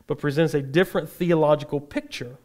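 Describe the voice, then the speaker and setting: A man teaching a Bible class, explaining in a relaxed, explanatory way with frequent fillers. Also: fairly high pitch, fairly quick.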